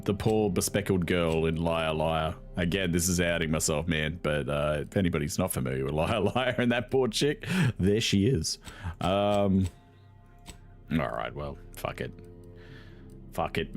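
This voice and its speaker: Brief: young male gaming host, low voice with a lively, swinging delivery, sarcastic and profane, faint music underneath. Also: a little slow. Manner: sarcastic, swears freely, laughs often. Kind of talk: casual gameplay commentary.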